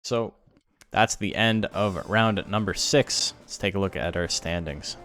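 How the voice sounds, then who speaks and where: A man's voice: sits low, a little slow, fairly bright tone, soft background music. A man hosting a game tournament stream, talking casually in a rambling, crude way with lots of fillers. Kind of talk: casual livestream commentary.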